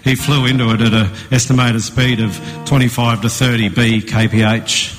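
Older aussie bloke telling a deadpan funny yarn, long reverb, guitar music behind. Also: male voice, medium pitch, moderate pace, few pauses. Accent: Australian. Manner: dry, rambling yarn-spinning. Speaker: comedic storyteller. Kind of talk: deadpan comic monologue.

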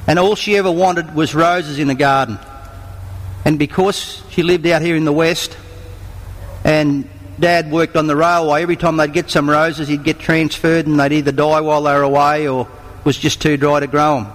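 An Australian man quoting his quiet, reflective old father. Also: on the high side, level tone, moderate pace, in a large hall, pitched below the performer's own voice, close to an everyday voice, low-quality recording. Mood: wistful.

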